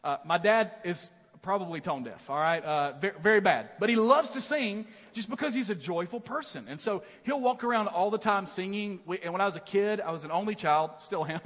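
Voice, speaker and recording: Man, middle-aged pastor, sermon, high voice, long reverb, animated storytelling. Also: a little fast. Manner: storytelling, animated and self-deprecating, with frequent "right?" asides. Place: large church auditorium.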